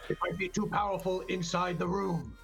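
A slightly high-voiced man playing a tabletop game over voice chat. He talks through his moves in a casual way and counts his numbers as he goes, with faint music behind. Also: fairly even intonation, moderate pace, creaky, fairly bright tone. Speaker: player.

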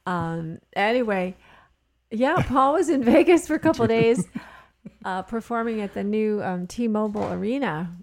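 A woman's voice: medium pitch, lively intonation, moderate pace, a little mellow. A woman co-hosting a morning radio show, chatting in a laid-back, casual way. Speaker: radio co-host.

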